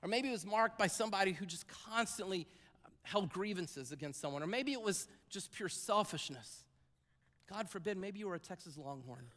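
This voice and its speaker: A man preaches to his congregation in an easy, conversational way, doubling back on his words and dropping in asides. His voice sits high for a man. The sound carries the long reverb of a large church hall. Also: lively intonation, moderate pace, fairly bright tone. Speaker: pastor. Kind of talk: sermon. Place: church sanctuary.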